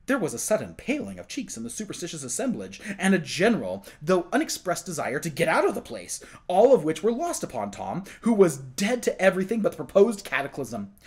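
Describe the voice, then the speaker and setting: A man narrating a classic novel aloud for a children's class, in an expressive, plain reading. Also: a little high, a little fast, slightly rough.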